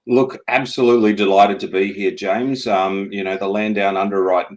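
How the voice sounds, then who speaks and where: A middle-aged Australian man with a notably deep voice. He talks in a relaxed, easygoing way, often laughing. He is a guest on a casual podcast interview. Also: normal speed, low-quality recording.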